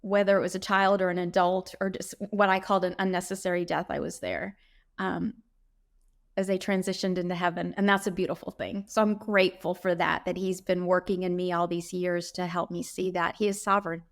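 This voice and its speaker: A middle-aged woman giving an earnest, heartfelt faith testimony in an interview, often pausing with "um". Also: fairly low pitch, level tone. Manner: earnest, heartfelt, with frequent "um" pauses. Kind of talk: reflective interview answers.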